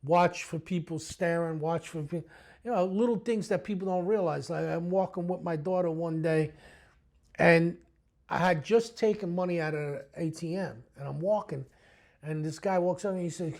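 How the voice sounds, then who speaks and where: A middle-aged retired detective with a thick New York accent, his voice rough and gravelly. He tells stories bluntly and profanely, lively and street-tough, as an interview guest. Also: fairly high pitch, normal speed. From the Bronx, New York. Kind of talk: storytelling interview talk.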